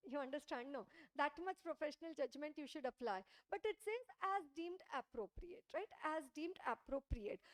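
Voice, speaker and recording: A woman's voice: high-pitched, expressive, moderate pace, hardly any pauses. A woman with an Indian English accent giving a classroom audit lecture, often stopping to check whether students follow. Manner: checks understanding with frequent rhetorical questions.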